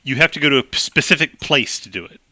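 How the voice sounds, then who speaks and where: A man's voice: medium pitch, lively intonation, fast talker, bright, forceful tone, no room sound. A man narrating a tabletop game as game master, explaining rules at length with frequent restarts.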